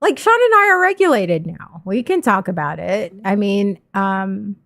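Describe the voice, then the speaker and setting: A woman's voice: medium pitch, sing-song, a little slow, vocal fry, fairly bright tone. A woman co-hosting a casual stream chat, talking candidly and emphatically, swearing freely. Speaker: streamer co-host.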